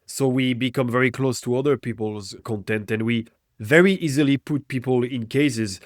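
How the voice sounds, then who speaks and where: A man's voice: mid-range voice, normal speed, no room sound, studio quality. A man hosting a business podcast, reflecting on customer perspective and posing thoughtful questions to his guest. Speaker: podcast host. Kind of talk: interview podcast.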